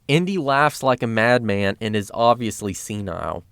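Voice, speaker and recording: A man's voice: on the low side, expressive, normal speed, fairly bright tone, slight background noise. A man narrating a scripted video essay as a film critic, with dry, sarcastic commentary.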